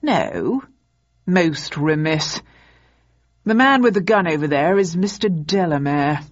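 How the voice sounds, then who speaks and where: A low, husky drawl for a smug male mastermind in a storybook reading, as a woman narrator puts him on. He savors every cruel word, slow and theatrical, and the audio is dull and muffled. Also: lively intonation, no echo, exaggerated voice. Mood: mocking. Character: suave, gleeful male master villain.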